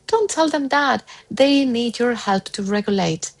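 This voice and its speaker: A woman's voice: high-pitched, lively intonation, moderate pace, few pauses, poor audio. A woman parent coach giving earnest, emphatic advice straight to the viewer, often repeating her key points. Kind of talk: direct advice to camera.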